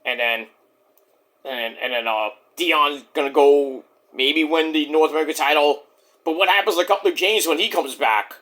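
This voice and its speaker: A man in his forties giving a casual, rambling, profane review, now and then mimicking others in quick put-on voices. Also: fairly high pitch, a bit bright. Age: 40s. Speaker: wrestling show reviewer.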